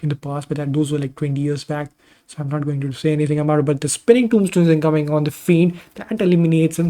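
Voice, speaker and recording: Rambling between play-by-play calls into side topics and personal remarks, a man gives laid-back commentary on video game wrestling matches for his gaming channel. His voice is mellow and leans high.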